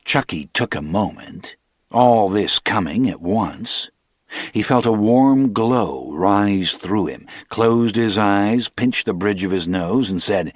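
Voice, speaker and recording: A man narrating a crime audiobook, in a measured, rhythmic storytelling style with slowed emphases. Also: lowish voice, animated, no echo, studio quality.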